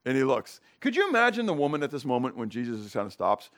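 Talking fast in a mid-range, somewhat bright voice with huge pitch swings, this Bible teacher keeps his casual class engaged. He checks in with "okay?" and "right?", poses questions, and acts out scenes.

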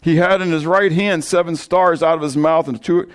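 A man's voice: on the high side, steady tone, a little fast, clear, resonant tone. A man preaching a sermon, reading scripture aloud and often asking the congregation questions. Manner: reads scripture aloud with rising emphasis. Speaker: pastor.

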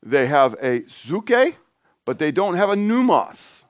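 A man preaching an informal sermon in a conversational, rambling way, with asides and restarts that turn lively and high when he gets excited. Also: takes it slowly, smooth, no echo, clean studio sound. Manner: lively, rising pitch when animated.

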